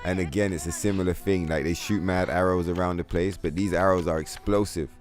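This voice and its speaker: A man hosting a livestream and talking loosely with his chat. His voice sits very low, and he rambles through stories with lots of swearing. Faint music runs in the background. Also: brisk. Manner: profane, rambling, animated storytelling. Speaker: streamer host.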